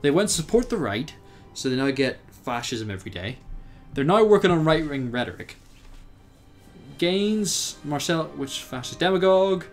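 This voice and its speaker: Young Irish guy, gameplay commentator: chatty, animated, a bit high-voiced, faint music bed. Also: normal speed. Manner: chatty, thinking aloud, laughs often, bursts of excitement. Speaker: game commentator. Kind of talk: casual let's-play commentary.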